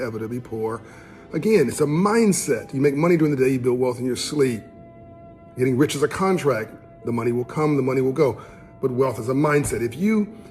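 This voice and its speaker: A man's voice: mid-range voice, a little mellow. A man giving commentary on money habits, earnest and building to emphatic outbursts. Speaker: financial literacy speaker. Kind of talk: commentary on a played clip.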